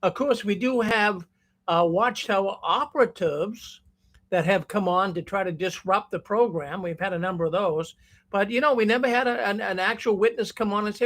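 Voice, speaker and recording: A man's voice: high-pitched, normal speed, a bit bright. A man hosting a call-in show, talking in a folksy, casual way and thanking callers. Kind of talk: casual call-in radio talk.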